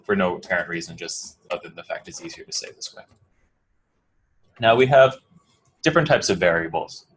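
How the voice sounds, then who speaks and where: This New Jersey man's low, expressive voice runs a little fast, with frequent pauses and a breathy edge. Lecturing his coding bootcamp class in American English, he rambles casually, restarts sentences, uses plenty of fillers, and quizzes the students.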